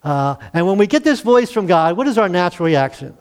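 A middle-aged male pastor retelling a Bible story in a folksy, animated sermon, acting out the quoted voices with chuckles. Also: high-pitched, fairly quick, hardly any pauses.

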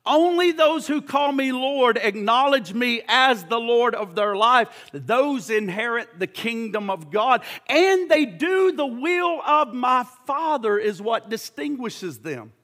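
A man's voice: very high-pitched, lively intonation, slow pace, few pauses. A man preaching a sermon, emphatic and pressing, stumbling over repeated words and firing rhetorical questions at his listeners. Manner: shouts at points.

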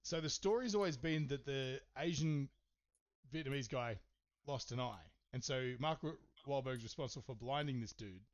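A man's voice: medium pitch, normal speed. A man hosting a podcast, telling a story in casual chat, swearing and rambling with lots of fillers. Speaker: podcast host. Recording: slightly dull, muffled sound.

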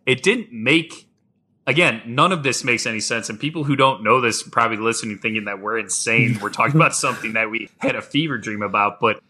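A man co-hosting a podcast, animated in casual chat and quick to laugh. His tone is bright and forward. His pitch stays in an ordinary middle range. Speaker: podcast co-host.

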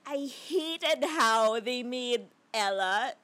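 A woman's voice: a little high, animated, extremely slow, sharp tone. A woman co-hosting a casual movie review chat who rambles and laughs while tearing the film apart. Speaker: podcast co-host.

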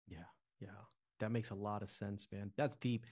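Jersey guy on a podcast, low mellow voice, chatty and animated, dry close mic. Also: normal speed, dry recording. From Newark, New Jersey. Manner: animated, conversational, fillers like "you know". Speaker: podcast co-host, former pastor. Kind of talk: casual podcast chat.

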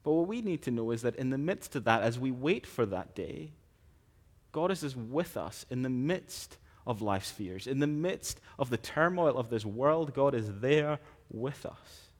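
Male preacher, mid-pitched voice, earnest and measured sermon delivery. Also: lively intonation. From Scotland. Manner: earnest, measured preaching with slow emphatic phrases.

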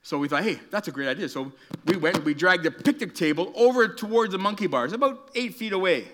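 A man's voice: high-pitched, brisk. A man from Canada preaching a sermon, telling a childhood story with acted-out voices and whispered asides. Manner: animated storyteller, acts out voices and whispers for emphasis.

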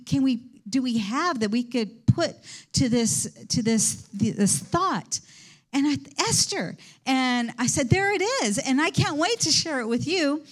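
Woman preacher, higher voice, casual animated storyteller in a sermon.

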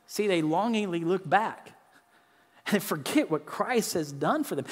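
A man preaching a sermon, earnest and a bit halting, often restarting and repeating words. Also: sits high, expressive, long reverb tail. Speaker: pastor.

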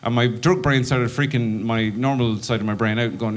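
A man's voice: medium pitch, fairly even intonation, fairly quick, few pauses. An Irish man doing stand-up, telling a story and acting out his own panicked inner voice. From Ireland. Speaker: stand-up comedian.

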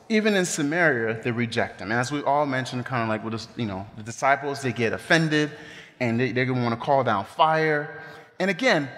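Lively preaching man in a reverberant hall. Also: medium pitch. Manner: animated preaching with asides and humor. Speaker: pastor. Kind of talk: sermon.

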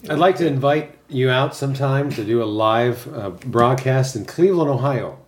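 A man's voice: medium pitch, moderate pace, a little hiss or hum. A man who is a guest on a casual podcast, cracking jokes. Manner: wisecracking.

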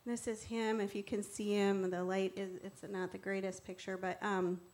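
A woman and church co-founder sharing a personal testimony, telling her story earnestly with slides, reverent and animated in turn. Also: mid-range voice, moderate pace.

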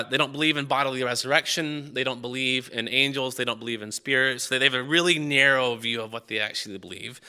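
A man's voice: medium pitch, sharp tone, clean tone. A man preaching a sermon on a Bible passage in a conversational way, often stumbling over his words and restarting. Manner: conversational, frequent stammered restarts.

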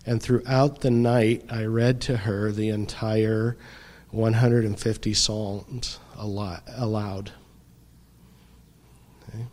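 A middle-aged man preaching a sermon, reflective and unhurried, often pausing and letting his voice drop softly. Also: on the low side, level tone. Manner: slow, reflective preaching with pauses and soft drops. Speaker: pastor.

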